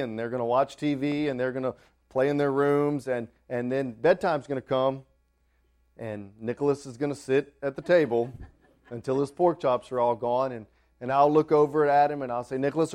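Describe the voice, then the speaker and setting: A man in his thirties preaching a sermon in church, telling a family story with many restarts before rising into loud preaching. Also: medium pitch. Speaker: pastor.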